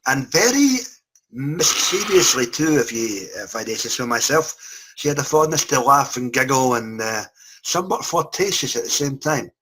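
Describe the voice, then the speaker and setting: Chummy male host, husky and punchy, jokes with his panel over a video call. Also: mid-range voice, big pitch swings, moderate pace, pushed and bright. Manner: jokey, chummy, calls everyone mate. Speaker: podcast host. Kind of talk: casual review chat.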